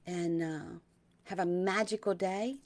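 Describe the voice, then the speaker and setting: Soft-spoken woman giving a spiritual talk. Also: lowish voice, steady tone, dry recording. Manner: gentle and dreamy, slows down on key words, drops to a hush. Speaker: spiritual teacher and host.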